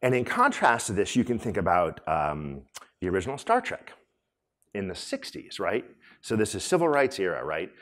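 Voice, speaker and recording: A man hosting a conference session and giving a conversational talk, with many fillers and restarts, polling the audience. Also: medium pitch. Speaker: conference speaker and room host. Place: conference hall.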